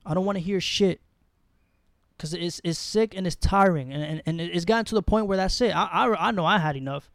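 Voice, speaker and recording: Young New guy, heated podcast co-host, higher voice, dry close sound, slangy and blunt. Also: fairly quick, vocal fry, fairly bright tone, no room sound. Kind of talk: casual podcast chat.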